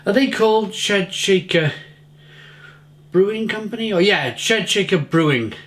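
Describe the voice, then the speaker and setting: A middle-aged man talks casually to camera as he tastes a beer, eager and full of praise. He repeats and restarts his words as he goes, and his voice sits a little on the high side. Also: expressive, measured pace, a bit bright. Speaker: beer reviewer. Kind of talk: casual tasting review to camera.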